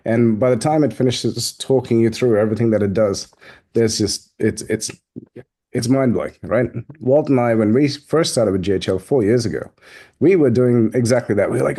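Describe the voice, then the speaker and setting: A man leads a business Q&A over a video call, casual and lively as he acts out the people in his stories. His tone is warm and mellow. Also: mid-range voice, moderate pace. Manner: animated storyteller, acts out quoted people. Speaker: host and business coach.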